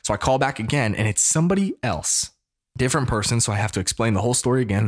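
A man in his thirties from the United States, telling a story casually in an animated, preacher-like way. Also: medium pitch, fast. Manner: animated, preacher-like call-and-response.

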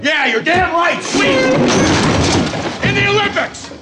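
An actor playing a tough, furious male hockey coach who yells at his players in a film scene, with music behind. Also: extremely high pitch, big pitch swings, measured pace, heavily acted. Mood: angry. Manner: yelling, harsh, berating.

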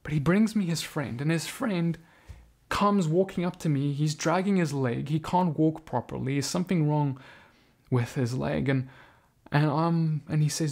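Man, personal testimony, earnest and halting, gravelly, slightly high voice. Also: darkish tone. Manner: earnest, halting, with many restarts. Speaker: speaker giving a testimony.

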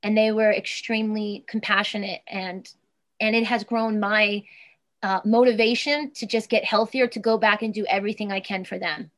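A woman's voice: medium pitch, fairly even intonation, moderate pace, a bit bright. A woman in her thirties, a guest in an interview, speaking earnestly and with emotion, with many fillers and restarts. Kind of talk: personal interview.

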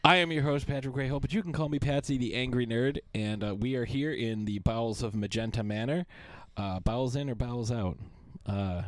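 A man's voice: medium pitch, brisk, few pauses, dry recording. Crude, jokey male podcast host. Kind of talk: casual chat.

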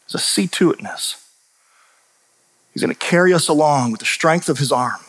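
A man preaching a sermon, animated and emphatic, often restarting his sentences. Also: on the high side, moderate pace. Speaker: pastor and teacher. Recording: long reverb of a large hall.

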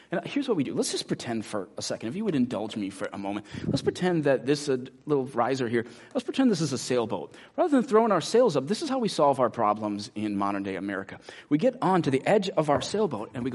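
A man preaching a sermon as pastor, animated and acting out inner voices, moving about a church stage. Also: medium pitch, brisk, slightly rough.

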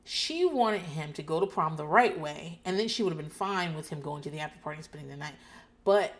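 A woman's voice: sits low, expressive, a little fast. A woman recapping reality TV in casual chat, sardonic and profane, laughing often. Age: adult parent. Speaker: podcast host.

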